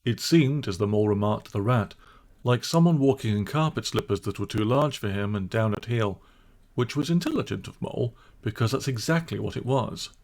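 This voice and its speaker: A man narrating a classic children's storybook in a calm, measured way. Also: on the low side. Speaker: audiobook narrator.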